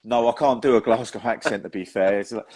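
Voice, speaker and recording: A man's voice: medium pitch, quick pace, a little mellow, slightly rough. A young man hosting a casual chat, telling stories with plenty of laughs and friendly "mate"s. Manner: chatty storyteller, laughs often, says "mate". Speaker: host and magician.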